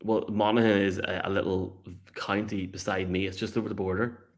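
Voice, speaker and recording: A man's voice: deep voice, little pitch movement, a little fast. An Irish man co-hosting a live show, joking around and reading out listener messages. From Ireland. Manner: jokey, laughs easily. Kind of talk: casual live show chat.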